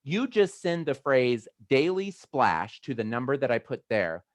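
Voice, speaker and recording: A chatty American man hosts a video call, rambling and breaking off into animated asides. His voice sits in a middle register. The sound is dry and close, with no room echo. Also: medium pitch, unhurried. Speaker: host of a motivational video call. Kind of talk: casual chatty talk.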